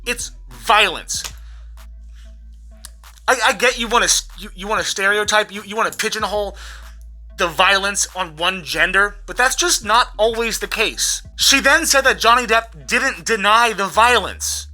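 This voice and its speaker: A vlogger in an angry, profanity-heavy rant, repeating words when worked up, with a voice going hoarse. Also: mid-range voice, normal speed, sharp tone, faint music behind. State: losing their voice. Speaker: vlogger recapping a trial.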